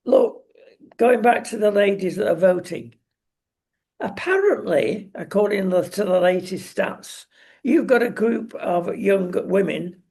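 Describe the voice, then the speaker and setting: A man co-hosting a political commentary show, talking in a slow, emphatic and sardonic way with frequent ums. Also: high voice, creaky, darkish tone, husky. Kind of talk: opinionated casual commentary.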